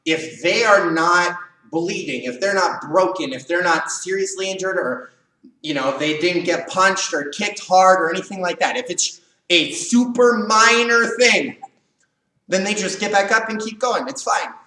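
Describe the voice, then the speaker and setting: A man teaching a live online karate leadership class, animated and acting out students' cries. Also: high voice, unhurried. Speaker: karate instructor. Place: karate studio, echoey room. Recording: echoey room, voice far from mic.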